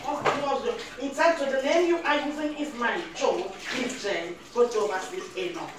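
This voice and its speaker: A woman's voice: fairly high pitch, moderate pace, noisy background. A middle-aged woman with a Nigerian accent, giving an emphatic, rambling spiritual monologue to camera as a vlogger. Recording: echoey room.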